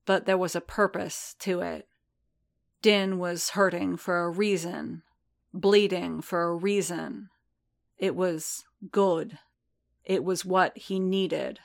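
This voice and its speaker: Slow, steady female storyteller. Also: fairly low pitch, gravelly. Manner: slow, measured, even reading. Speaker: audiobook narrator. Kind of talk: scripted narration of a story.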